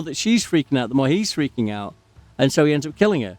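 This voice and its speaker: A man's voice: mid-range voice, very animated, fast, darkish tone, no room sound, faint music behind. A man rambling and drifting off topic while giving casual commentary as he plays a game. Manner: rambling, digressive, easily sidetracked. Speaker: gaming channel host.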